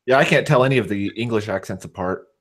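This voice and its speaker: West Coast American man, lowish voice, hesitant casual chatter. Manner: hesitant, halting, many uh fillers. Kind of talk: casual chat.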